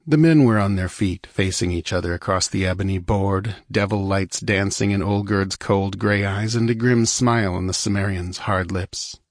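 A man narrating an adventure story in a steady, measured way. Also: low voice, no room sound, clean studio sound. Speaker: audiobook narrator.

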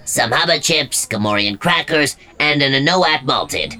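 A man voicing a smooth-talking little male alien dealmaker in an audiobook. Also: medium pitch, expressive, sharp tone, pitched above the performer's own voice. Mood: wheedling. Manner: brisk, wheeling-dealing.

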